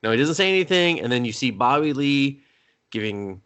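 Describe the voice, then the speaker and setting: A man with a bright, forceful voice trades casual, swear-laden banter about a film. He laughs readily and talks with animated energy as a podcast co-host. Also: medium pitch, a little fast, clean tone. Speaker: movie review podcast co-host.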